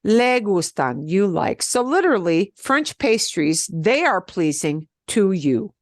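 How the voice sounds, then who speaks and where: A woman's voice: mid-range voice, big pitch swings, slow, dry recording, studio quality. A woman teaching a beginners' Spanish class over a video call, explaining patiently and checking in with "okay?" often.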